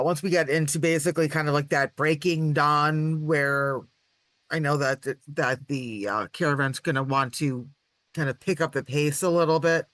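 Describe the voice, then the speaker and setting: A man's voice: on the high side, bright, forceful tone, dry recording. A man playing a tabletop game, describing his character's actions in a rambling way. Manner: rambling, lots of "you know" and "like". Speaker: player. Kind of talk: tabletop role-play chat.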